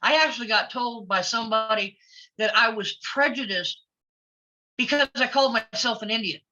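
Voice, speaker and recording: Outspoken woman guest, fairly high bright voice, dull lo-fi sound. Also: normal speed. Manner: outspoken and blunt, laughs easily. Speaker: guest, former wrestler. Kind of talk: casual interview chat. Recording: lo-fi audio.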